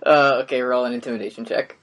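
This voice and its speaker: A man's voice: mid-range voice, fairly even intonation, fast talker, a bit bright, slight background noise. A man narrating as game master in a tabletop game, casual and full of fillers. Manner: casual, hesitant with many fillers.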